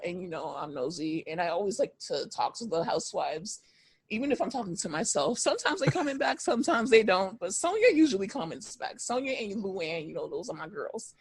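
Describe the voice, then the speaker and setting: A woman's voice: medium pitch, animated, normal speed, husky, no room sound. A young woman co-hosting a podcast, gossiping in a casual chat and laughing often. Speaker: podcast co-host.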